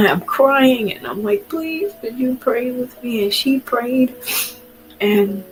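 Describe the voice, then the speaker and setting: A woman's voice: on the high side, takes it slowly, poor audio. Woman, emotional personal storytelling, rambling and apologetic, faint music bed. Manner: rambling, apologetic, tearful at times, laughs between lines. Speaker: pet owner sharing a personal story.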